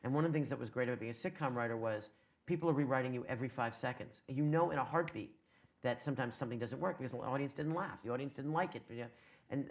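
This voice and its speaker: A man, a television writer on a conference panel, answering questions candidly with anecdotes and casual swearing. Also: medium pitch.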